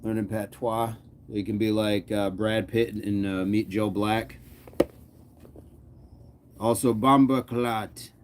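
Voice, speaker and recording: A man with a fairly low voice chats casually with his live audience as a fitness channel host. He jokes around and laughs often, riffing loosely. A faint ambient hum runs underneath. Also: level tone, unhurried, a little mellow. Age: adult. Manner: chatty, jokey, laughs often. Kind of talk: casual live-chat talk.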